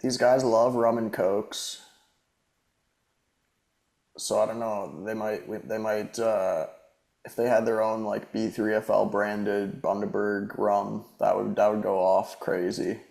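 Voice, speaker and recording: A man with a slightly low, gravelly voice talks in a laid-back, casual way. He co-hosts a loose podcast chat, swears freely and laughs easily. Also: flat delivery, slow pace, darkish tone. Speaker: podcast co-host. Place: living in Australia.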